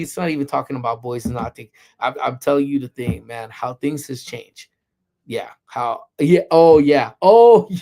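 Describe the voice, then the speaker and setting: A middle-aged man hosting a casual lunchtime livestream, chatting loosely and slipping into playful, animated slang riffs. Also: medium pitch. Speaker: livestream host. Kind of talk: casual live chat.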